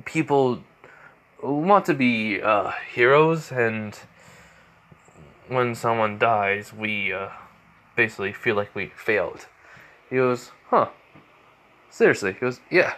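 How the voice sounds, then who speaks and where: A young man narrates an improvised fan story, full of fillers, restarts and half-voiced quotes. His voice is bright and forward. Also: medium pitch, slow pace, pauses often.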